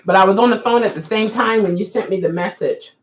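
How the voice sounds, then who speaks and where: A woman's voice: medium pitch, quick pace, dull audio, a little hiss or hum. A woman hosting a casual livestream, chatting with viewers and coaxing them to answer her questions. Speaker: livestream host.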